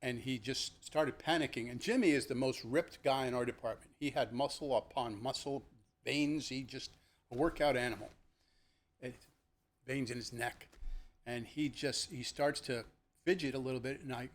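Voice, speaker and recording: Older retired police lieutenant telling stories. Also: male voice. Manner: animated, acts out the people in his stories with sharp jumps in pitch; conversational, with fillers and restarts. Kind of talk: podcast storytelling.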